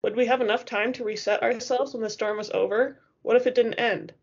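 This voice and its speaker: A woman's voice: fairly high pitch, fairly even intonation, fairly quick, husky. Woman reading a novel aloud, lo-fi. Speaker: audiobook reader. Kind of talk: first-person novel narration.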